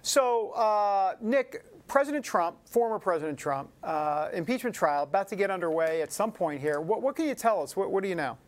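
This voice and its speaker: A man's voice: sits high, expressive, moderate pace, few pauses. A man with a New York accent hosting a casual news show, joking and rambling with asides to the audience. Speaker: show host.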